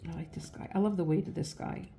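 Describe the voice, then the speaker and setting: A woman's voice: fairly low pitch, steady tone, fast, creaky, dark tone, a little hiss or hum. A middle-aged woman hosting her own channel, chatting casually in a rambling, storytelling way while she works on an art project. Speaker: artist and channel host. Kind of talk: casual chat while working on a craft project.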